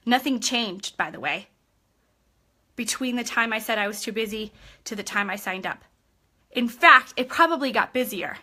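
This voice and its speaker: A woman's voice: a little high, sharp tone. A young woman giving an upbeat live-streamed coaching talk as a sales team trainer, chatty and constantly checking in with her listeners.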